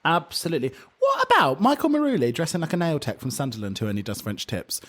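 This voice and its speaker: A man co-hosting a podcast, chatting in a camp, animated way and swearing freely. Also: a little high, fast talker. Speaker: podcast co-host. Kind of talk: casual chat.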